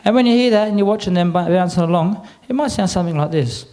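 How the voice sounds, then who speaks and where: An Australian man presenting to a live audience, chatty and a little croaky, getting the crowd to repeat words back. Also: sits high, quick pace, warm tone. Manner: chatty, quizzes the crowd with call-and-response. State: a bit croaky. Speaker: cultural presenter. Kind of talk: lively audience address.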